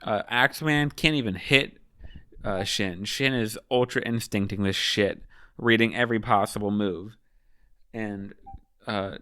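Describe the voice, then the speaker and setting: A man with a slightly low, smooth, resonant voice rambles through offhand manga commentary, cursing freely. He sounds high and loose, drifting from one thought to the next. The sound is dry and close. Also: a bit bright, dry recording. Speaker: manga chapter reviewer.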